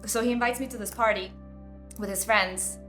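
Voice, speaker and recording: Woman, mid-pitch, bright tone; candid storytelling host, casual and talky, soft music bed. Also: fairly even intonation, normal speed. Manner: candid, chatty, heavy use of "like". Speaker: self-development video host.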